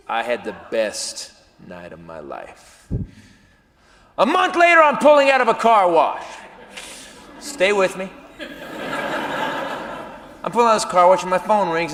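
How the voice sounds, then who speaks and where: Man, stand-up comedian, high bright voice, animated, shouting then hushed, echoing live venue. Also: a little hiss or hum. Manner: animated, shifts between shouting and hushed impressions. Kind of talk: stand-up storytelling. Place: stage in a theater. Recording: live venue with long reverb, faint ambience.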